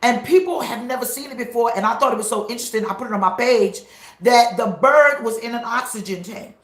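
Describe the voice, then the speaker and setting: A woman pastor live-streaming from her car, shouting high-energy greetings to her viewers. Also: fairly quick, roomy sound.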